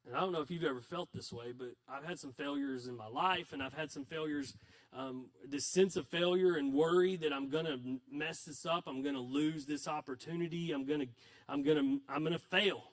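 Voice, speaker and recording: A man's voice: a little high, fairly quick. A male pastor preaching a sermon in a conversational, self-deprecating storytelling manner.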